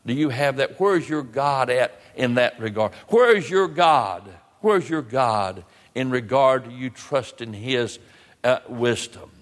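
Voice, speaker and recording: Male pastor, mid-pitched voice, sermon with repeated rhetorical questions, long hall reverb. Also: a bit bright. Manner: repetitive rhetorical questions, drawn-out emphasis. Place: church.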